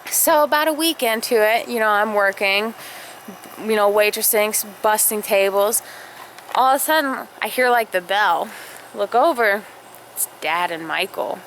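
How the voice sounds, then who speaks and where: A woman's voice: medium pitch, normal speed, a bit bright, slight background noise, rough recording. A young woman vlogger telling a rambling story in casual chat, full of fillers. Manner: rambling, filler-heavy, acts out quotes.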